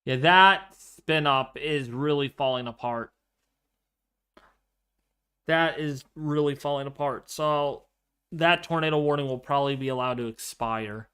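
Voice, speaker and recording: A man's voice: mid-range voice, measured pace, sharp tone, clear, resonant tone. A man hosting a long live weather stream, tired after little sleep, talking casually. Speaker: stream host.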